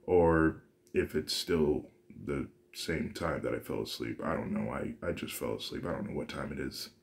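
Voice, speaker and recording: An earnest, gentle young hero from a fan-made story, soft-spoken and sincere, voiced by a deep-voiced man close to his own voice. He talks quietly and apologetically. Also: normal speed, vocal fry, a little hiss or hum.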